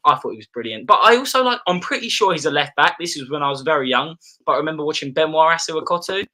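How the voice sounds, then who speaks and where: A man's voice: on the high side, lively intonation, fast talker, pushed and bright. A young man co-hosting a casual livestream chat, effusive and gushing. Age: young adult. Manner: effusive, gushing about players. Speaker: co-host.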